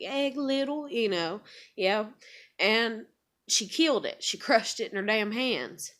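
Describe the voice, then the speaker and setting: A woman's voice: medium pitch, lively intonation, measured pace, fairly bright tone. A woman telling a painful family story in a confessional vlog, emotional and full of swearing, often getting sidetracked. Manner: emotional, heavily profane, rambling. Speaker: vlogger.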